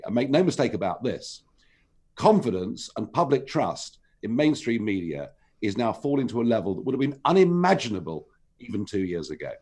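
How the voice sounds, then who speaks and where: Emphatic man with lively pitch. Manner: forceful, rising to emphatic peaks. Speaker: political guest. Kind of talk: talk radio interview.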